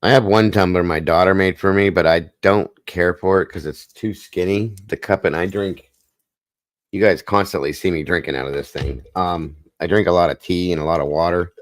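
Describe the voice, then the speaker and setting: A man hosting a live stream, chatting casually in a rambling, folksy way and clearing his throat now and then. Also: low-pitched, fairly even intonation, moderate pace, dry recording, clean studio sound. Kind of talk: casual chat.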